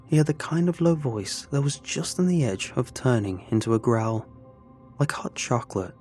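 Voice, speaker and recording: Low-voiced man narrating a horror story. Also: a little mellow, slightly rough. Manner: measured, dramatic storytelling.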